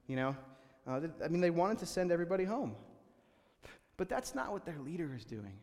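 A man's voice: high-pitched, sing-song, quick pace, big-room sound. A man preaching a sermon as a pastor, conversational and full of restarts, acting out the people he quotes.

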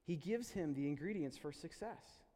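Earnest pastor in a reverberant hall. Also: male voice, on the high side, animated, mellow. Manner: earnest, halting with repeated restarts. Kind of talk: sermon.

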